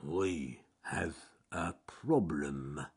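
A man voicing a big, heavy, kindly male bear who mutters slowly in a storybook reading. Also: a little mellow, breathy edge, heavily acted. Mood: muttering. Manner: low, slow mutter.

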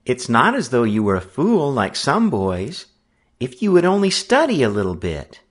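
A man reading the part of a gentle little sister who speaks softly and coaxingly. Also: mid-range voice, wildly swooping pitch, normal speed, pitched above the performer's own voice. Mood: pleading. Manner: soft, coaxing. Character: gentle, studious little sister, soft and pleading.

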